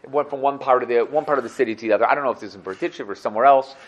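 A man teaching a religious class, telling a story in a conversational, animated way and often checking in with the listeners. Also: mid-range voice, rapid-fire, highs cut off.

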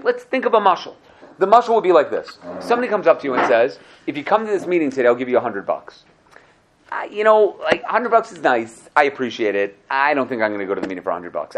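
Rabbi type, man, lively class-giver who acts out scenes, slightly high-pitched. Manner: animated storyteller, acts out dialogues, asks "right?" often. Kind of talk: Torah class lecture.

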